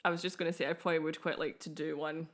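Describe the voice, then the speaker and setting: A young woman co-hosting a casual podcast, her voice sitting a little low. She talks eagerly in an easy, chatty way and often breaks into laughter. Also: flat delivery, very fast. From Scotland. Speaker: podcast co-host.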